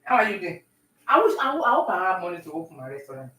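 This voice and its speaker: A woman chatting with viewers on a live stream while she bakes at home, talking warmly and greeting people by name. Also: on the low side, big pitch swings, rapid-fire, echoey room, recorded from a distance, rough recording. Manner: warm, talkative, talks to viewers by name. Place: home kitchen.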